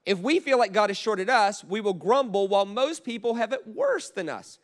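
A man's voice: high voice, normal speed. A man preaching a sermon, talking in a loose conversational way with frequent restarts and asides to the congregation. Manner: animated, repeats words, conversational asides. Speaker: pastor.

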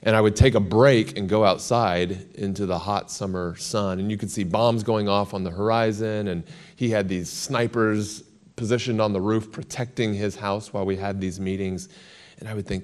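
An American man, a guest in an interview, telling a long story with lively quoted lines. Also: on the low side, normal speed. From United States.

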